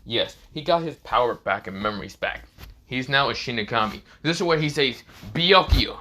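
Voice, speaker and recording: A man casually retelling a fan story, halting, with many fillers and self-corrections. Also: mid-range voice, expressive, sharp tone. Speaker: narrator.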